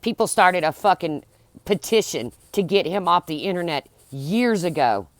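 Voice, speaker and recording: A woman's voice: on the low side, animated, moderate pace, no echo. A middle-aged woman ranting bluntly and heatedly on her livestream, swearing as she talks to her viewers. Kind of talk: angry livestream rant.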